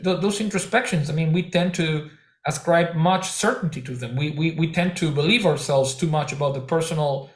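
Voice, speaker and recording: A man being interviewed as a researcher, giving careful, halting academic explanations. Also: on the high side. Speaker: researcher guest. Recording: echoey room.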